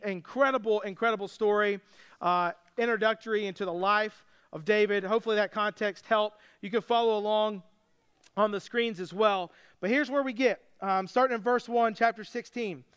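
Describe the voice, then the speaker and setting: With a very high, smooth, clear voice and a fairly bright tone, a man preaches a sermon like a pastor addressing his church. He retells the story casually and breaks in with joking asides.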